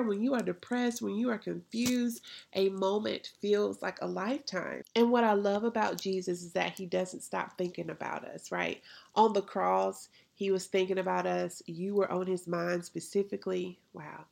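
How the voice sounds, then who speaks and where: A woman's voice: medium pitch, gravelly. A woman hosting a faith podcast, preaching in a conversational way and often asking "right?". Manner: conversational preaching with rhetorical questions. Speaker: podcast host.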